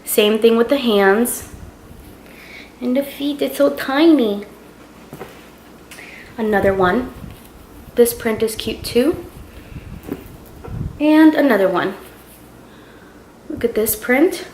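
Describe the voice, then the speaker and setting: A woman's voice: a little high, takes it slowly, pauses often, a little mellow, a little hiss or hum. A young woman chatting casually as she shows off baby clothes, gushing and full of fillers. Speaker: vlogger showing a baby haul. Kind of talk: casual show-and-tell chat. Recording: roomy home recording.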